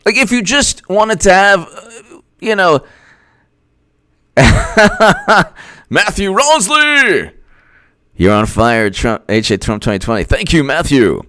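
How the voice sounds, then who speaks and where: A man's voice: sits high, wildly swooping pitch, takes it slowly, long pauses, sharp tone, dry recording, studio quality. A man hosting casual livestream commentary, sarcastic and mocking, who laughs often and answers viewers' chat. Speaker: political commentator, host.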